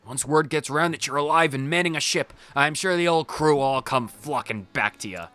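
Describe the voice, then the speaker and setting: A man voicing an excitable, loyal young male pirate sailor in a video game playthrough, with a put-on pirate accent. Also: a little high, fairly quick. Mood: eager.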